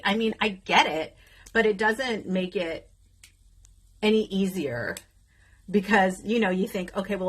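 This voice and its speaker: This beauty content creator, a woman in her fifties, has a medium-pitched, slightly bright voice with a breathy edge. Chatting casually while she does her makeup, she addresses viewers directly and comes across as emotional, outspoken and outrageous.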